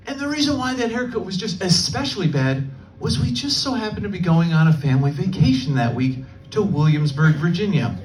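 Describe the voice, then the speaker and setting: A young man performs stand-up on a club stage, his voice high for a man and swinging widely as he tells the story. He is picked up from a little way off the mic, with faint room ambience behind him. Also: animated, distant mic, poor audio. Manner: storytelling with quick quoted voices. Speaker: stand-up comedian. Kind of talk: stand-up set.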